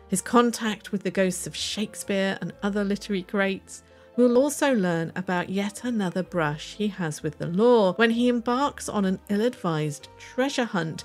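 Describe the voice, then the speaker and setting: A woman hosting a local history podcast, reading a scripted outro in a clear, friendly, measured way. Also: medium pitch. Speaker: podcast host. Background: faint music.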